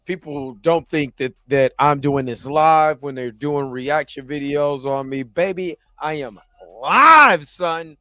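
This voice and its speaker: A man's voice: a little high, fairly even intonation, a little slow, hardly any pauses, no echo, studio quality. A man hosting a live reaction show, chatting loosely and joking around, rambling with frequent laughs. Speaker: host. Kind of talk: casual reaction livestream chat.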